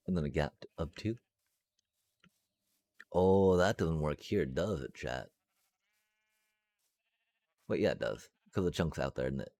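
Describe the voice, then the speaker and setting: Unhurried and a little mellow, a deep bass voice offers casual commentary during a block-building live stream, pausing often. The man talks to his chat as he works, humming small sound effects and trailing off mid-thought.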